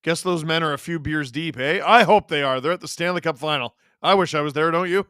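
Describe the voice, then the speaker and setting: High, bright-voiced excitable man. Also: a little fast, smooth, dry recording, clean studio sound. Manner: excitable, bursts into shouts on big plays. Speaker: host of a live watch-along stream. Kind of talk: excited live play-by-play commentary.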